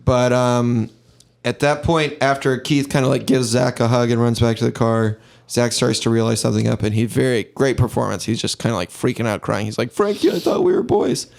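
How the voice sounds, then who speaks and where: A man's voice: medium pitch, fairly quick, vocal fry. A man co-hosting a podcast, chatting casually and retelling a film scene by scene, acting out the characters' lines. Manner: animated storytelling, acts out the characters' lines. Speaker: podcast co-host. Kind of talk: casual chat recapping a film.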